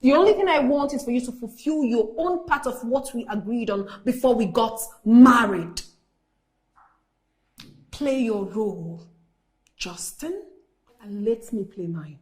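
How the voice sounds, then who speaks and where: An actress with a Nigerian accent playing a wealthy young wife, hurt and angry, in a film drama. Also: female voice, a little high, expressive, measured pace, long pauses, a little mellow, rough recording. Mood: cold.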